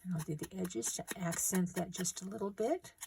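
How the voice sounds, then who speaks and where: A middle-aged woman with a slightly low voice gives gentle, unhurried instructions for a paper craft. A faint hiss sits behind her as she works on the table. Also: gravelly. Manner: gentle, unhurried instructions while working with hands. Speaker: craft tutorial host. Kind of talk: step-by-step craft demonstration.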